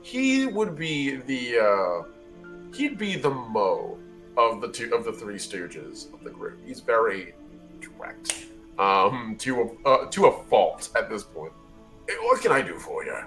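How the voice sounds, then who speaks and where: A man's voice: medium pitch, sing-song, slow, fairly bright tone, faint music behind. A man narrating as game master of a tabletop game, describing the scene in a rambling, casual way with many fillers.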